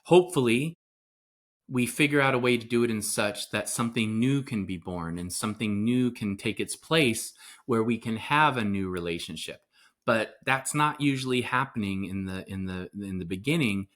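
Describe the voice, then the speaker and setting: A man's voice: on the low side, normal speed, a bit bright. A middle-aged man talking as a guest on a podcast, earnest and explanatory. He keeps slipping into little acted-out quoted lines to make his points about parenting. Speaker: parenting coach and psychotherapist guest. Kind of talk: conversational podcast interview.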